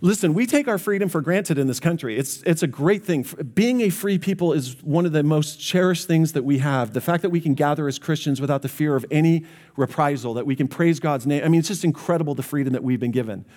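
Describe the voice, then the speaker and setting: Pastor, man, slightly high voice, earnest sermon delivery straight to the congregation. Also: fast, a little mellow. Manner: earnest, direct address to congregation.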